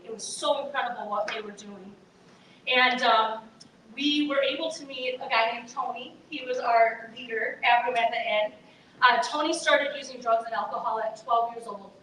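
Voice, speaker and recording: A woman's voice: a little high, pushed and bright. A woman giving an earnest, conversational chapel talk to students, speaking directly to her listeners. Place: chapel hall. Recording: echoey hall, voice from far off, faint noise.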